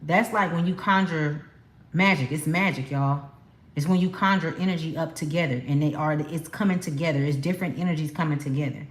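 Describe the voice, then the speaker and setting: In an echoey room, a California woman reads tarot cards casually for her viewers, talking emphatically with lots of chatty slang. Her voice is deep and a little fast.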